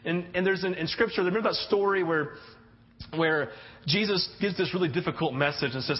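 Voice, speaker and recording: A male pastor preaching, telling stories in an animated way and often restarting his sentences. His voice sits high for a man, and the recording is dull and lo-fi. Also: moderate pace, breathy edge, in a large hall. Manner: animated storytelling with frequent restarts. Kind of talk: sermon. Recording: muffled lo-fi recording.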